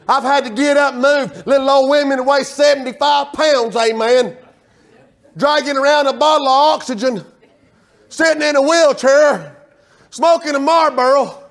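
A preacher with a strikingly high voice delivers a fervent, folksy sermon. He swings between loud, excited preaching and hushed storytelling asides. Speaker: pastor.

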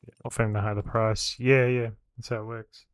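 A man's voice: lowish voice, level tone, brisk, clear, resonant tone. A man casually joking and bantering while streaming gameplay commentary. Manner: joking, laid-back banter. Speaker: gaming streamer.

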